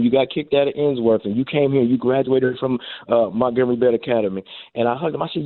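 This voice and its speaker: A man's voice: medium pitch, quick pace, no echo. A man, a former pro receiver turned coach, telling stories on a radio show and acting out the quotes as he talks. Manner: animated storyteller, acts out quotes. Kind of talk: casual radio interview. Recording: tinny phone line.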